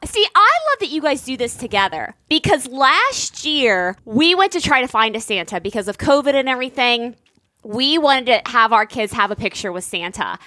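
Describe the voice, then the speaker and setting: A woman telling a story in an excited, bubbly way in a casual chat. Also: fairly high pitch, normal speed, no room sound.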